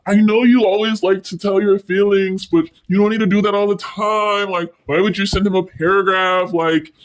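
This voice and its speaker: A woman's voice: mid-range voice, fairly even intonation, moderate pace, close to an everyday voice, rough recording. A woman voicing her protective young ex-boyfriend as he lectures her in an exasperated, blunt way during a casual storytime. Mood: lecturing.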